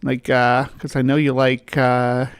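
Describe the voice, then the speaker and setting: A woman from the middle of the United States hosts a relaxed live show. She rambles and trips over her own words, circling back to greet viewers in the chat. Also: extremely low pitch, measured pace, clear, resonant tone. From central United States, between the South and upper Midwest. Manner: rambling, self-interrupting, chats with viewers. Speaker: livestream host. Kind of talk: casual live-stream chat.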